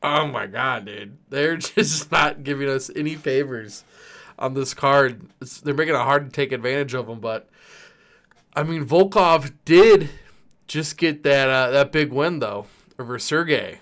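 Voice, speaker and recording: A man's voice: mid-range voice, measured pace, fairly bright tone. A man co-hosting a fight betting podcast in a laid-back way, laughing often. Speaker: podcast co-host. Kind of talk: casual betting chat.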